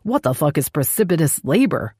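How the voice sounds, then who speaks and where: A woman's voice: low voice, moderate pace, darkish tone, husky, no room sound, clean studio sound. A woman voicing a protective, short-tempered man who snarls and curses. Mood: snarling. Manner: snarling, swearing.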